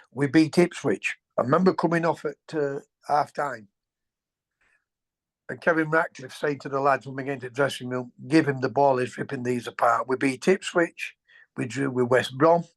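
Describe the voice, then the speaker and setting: A man, a former footballer telling colloquial, animated anecdotes as an interview guest. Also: mid-range voice, moderate pace, long pauses. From England. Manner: animated, colloquial, swears, restarts sentences. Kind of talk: anecdotal storytelling.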